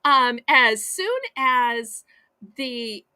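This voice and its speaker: A woman's voice: a little high, lively intonation, drawn-out words, bright, forceful tone, clear, resonant tone, dry recording, studio quality. A woman hosting a live online auction, with chatty, folksy sales patter and a voice she says is wearing out. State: losing her voice. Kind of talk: live-stream selling chat.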